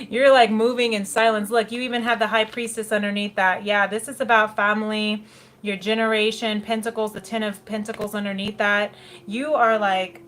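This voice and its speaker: A woman's voice: medium pitch, steady tone, moderate pace, fairly bright tone. Brief: chatty woman reading tarot, easy mid-range voice, laughs a lot, faint hiss behind. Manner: chatty, laughs often, slips into quoted asides. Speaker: tarot reader.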